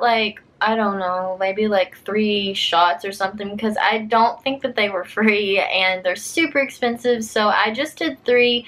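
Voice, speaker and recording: Chatty young woman, slightly high voice. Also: fairly bright tone. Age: 20s. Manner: chatty, heavy use of "like", laughs often. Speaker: YouTuber telling a story. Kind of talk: casual storytime vlog.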